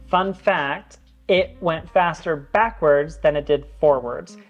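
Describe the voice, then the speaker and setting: A man's voice: on the high side, slow pace, highs cut off, faint music behind. A man talking casually to his viewers, chatty and earnest, telling stories with plenty of fillers. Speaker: vlogger giving an office tour. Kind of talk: casual tour chat to camera.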